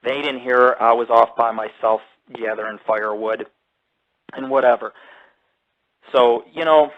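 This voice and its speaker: A man's voice: mid-range voice, fairly even intonation, a little slow. Profane, blunt man on muffled radio. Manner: blunt, heavily profane storytelling. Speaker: radio show host and paranormal group founder. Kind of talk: casual live radio monologue.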